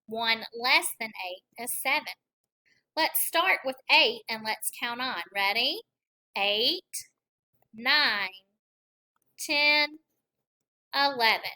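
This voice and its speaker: A woman teaching a kindergarten lesson, counting aloud slowly and encouraging young children. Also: fairly high pitch, pushed and bright, low-quality recording. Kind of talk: recorded classroom lesson.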